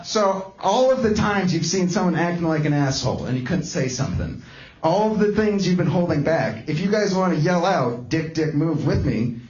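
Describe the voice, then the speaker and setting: A man's voice: a little high, animated, moderate pace, darkish tone, roomy sound, dull audio, slight background noise. A man doing live stand-up comedy with a guitar, telling a story in rambling bursts full of restarts. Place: small comedy club.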